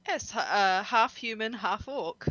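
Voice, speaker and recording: A woman's voice: mid-range voice, lively intonation, unhurried, sharp tone, muffled recording. A woman voicing a blunt female half-orc adventurer.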